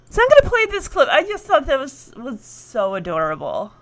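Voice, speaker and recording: A high-voiced woman chats casually through an episode recap. She giggles often and acts out the characters' lines as she goes. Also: big pitch swings, normal speed.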